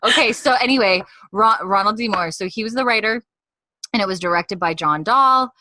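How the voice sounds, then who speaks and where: A woman's voice: medium pitch, a little fast, bright, forceful tone, no room sound. A young woman co-hosting a podcast, recapping a TV episode in a rambling, chatty way with frequent laughs. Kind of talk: casual chat.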